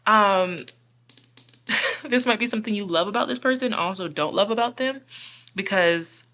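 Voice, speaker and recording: A woman's voice: medium pitch, moderate pace, sharp tone, slight background noise. A woman giving a casual pick-a-card tarot reading, chatty and giggly, full of filler "like"s. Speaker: tarot reader.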